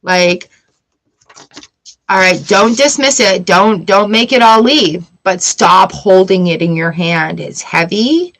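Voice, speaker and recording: A woman's voice: medium pitch, takes it slowly, a bit bright. A woman from Canada giving a live-streamed tarot reading, chatty and affirming, greeting viewers by name as she talks. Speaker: tarot reader.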